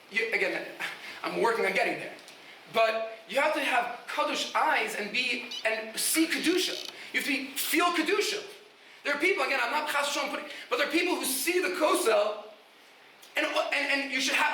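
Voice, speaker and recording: A man, a guest rabbi, giving an animated informal talk to yeshiva students, often shouting, laughing and restarting his sentences. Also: extremely high pitch, recorded from a distance, slight background noise. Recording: echoey room, speaker away from mic.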